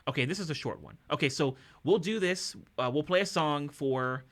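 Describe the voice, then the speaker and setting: A man's voice: on the high side, moderate pace, a bit bright. A man hosting a casual livestream, upbeat and chatty with his viewers, chuckling often. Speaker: streamer and musician.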